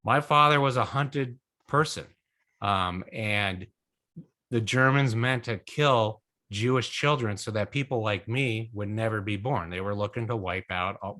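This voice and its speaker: A middle-aged man, son of a survivor, answering questions in an online talk in an earnest, measured, reflective way. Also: lowish voice, pushed and bright. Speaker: guest speaker, son of a survivor.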